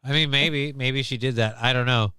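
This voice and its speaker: Stream host, male, casual and profane, smooth voice, dry sound. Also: mid-range voice, normal speed, no echo. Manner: joking, profane, animated retellings.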